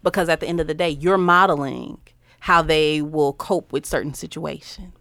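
A woman's voice: low-pitched, normal speed, creaky, a bit bright, no room sound. A woman therapist in a casual podcast chat who laughs often and acts out the voices she quotes.

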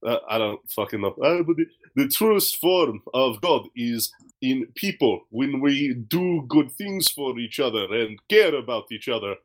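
A man voicing a jovial, spiritual male driver, with a slow, earnest, musing delivery. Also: mid-range voice, lively intonation, natural voice.

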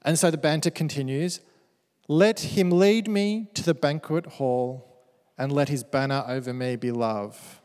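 A man's voice: fairly high pitch, a little slow, darkish tone, clean tone. A man preaching a sermon who reads verses aloud and breaks into playful, joking asides. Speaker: pastor. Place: church hall. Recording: church hall with long reverb.

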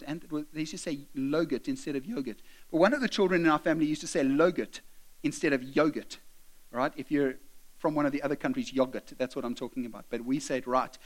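High-voiced man preaching earnestly. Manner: earnest, direct exhortation with conversational asides. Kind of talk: sermon.

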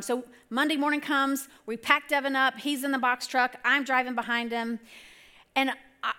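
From a church stage, a middle-aged woman delivers a sermon as a rambling personal story, often correcting herself. Her voice sits high and has a sharp tone.

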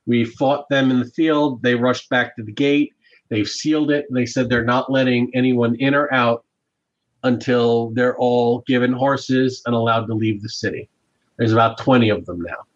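A man plays a stern Roman commander in a tabletop game, laying out a tense situation in a measured, matter-of-fact way. His voice sits in a middling pitch. The recording is dull and lo-fi. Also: lightly acted. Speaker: game master voicing a character.

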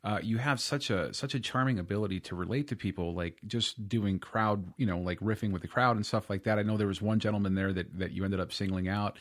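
A man's voice: on the low side, fairly quick, hardly any pauses. A man hosting a comedy podcast interview, asking long, rambling questions full of restarts and fillers. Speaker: podcast host. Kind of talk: casual interview chat.

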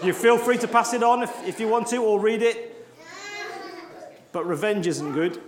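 A man leading a lively all-age church talk with props, coaxing children along and joking at his own expense. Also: sits high, moderate pace. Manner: jokey, self-deprecating, coaxing children. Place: large church hall. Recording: echoey church hall with congregation.

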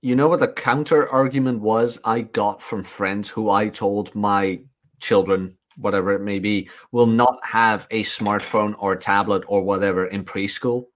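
A man co-hosting a casual talk show, crude and frank, with frequent laughter. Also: lowish voice. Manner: lively, crude, quick to laugh. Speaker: podcast co-host. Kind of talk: casual chat.

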